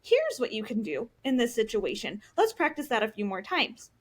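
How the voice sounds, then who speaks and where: A woman with a high voice talks casually as a counselor on a podcast. She explains things with little acted-out examples and plenty of "um"s and "like"s. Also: huge pitch swings, normal speed. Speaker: licensed professional counselor, podcast guest.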